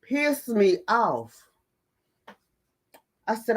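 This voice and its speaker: A woman's voice: sits low, unhurried. A woman hosting a mental health talk channel, telling her own story to her audience and stressing key points by repeating them. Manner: emphatic, repeats key phrases for weight. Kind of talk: personal storytelling to an online audience.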